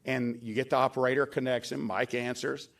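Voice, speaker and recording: A former staff member, an older man, gives a tribute speech at a podium at a dedication event, his mid-range voice brisk, flat and a bit bright with vocal fry. He spins folksy anecdotes, raising his voice to act out the lines he quotes.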